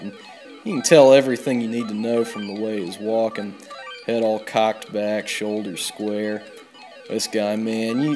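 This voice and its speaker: Deadpan low-voiced man spinning a yarn. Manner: deadpan drawl, swears freely, loud bursts on quoted yells. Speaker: let's play host. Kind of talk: comic rambling tall tale over gameplay.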